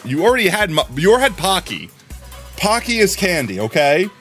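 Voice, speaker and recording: A man's voice: high-pitched, very animated, fairly quick, a bit bright, faint music behind. A man streaming and chatting casually to his viewers, rambling and repeating words as he goes.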